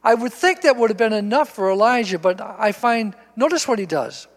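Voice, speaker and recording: A man's voice: high-pitched, animated, normal speed, big-room sound. A male pastor preaching a sermon, reading scripture aloud and applying it to his listeners, repeating words for emphasis.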